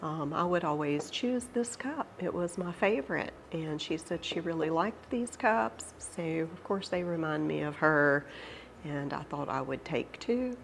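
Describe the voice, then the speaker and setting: Middle-aged Southern woman, nasal from a cold, gravelly and slow, gentle devout host. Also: low voice, lively intonation, slight background noise. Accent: Southern American. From Georgia, USA. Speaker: channel host. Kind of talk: casual tea-time Bible study chat.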